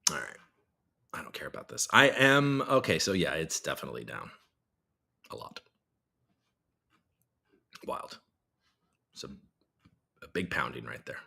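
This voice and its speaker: A man's voice: a bass voice, huge pitch swings, unhurried, creaky, long pauses, sharp tone, husky. A man hosting a casual live stream, reading headlines aloud and reacting with profane, rambling commentary. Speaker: crypto show host.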